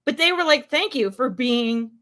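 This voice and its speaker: A woman's voice: sits high, animated, normal speed, fairly bright tone. A woman co-hosting a podcast in casual chat, telling stories and making emphatic, opinionated points. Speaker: podcast co-host.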